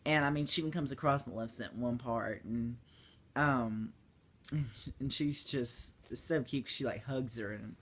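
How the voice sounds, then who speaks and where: A man giving a casual movie review, rambling with many fillers and restarts, and now and then breaking into squeaky high voices to mimic the characters. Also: moderate pace, fairly bright tone.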